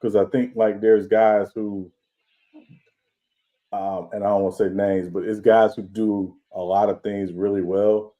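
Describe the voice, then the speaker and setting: Man, deep dark voice, measured explainer, casual sports podcast, muffled audio. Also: little pitch movement. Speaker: podcast co-host.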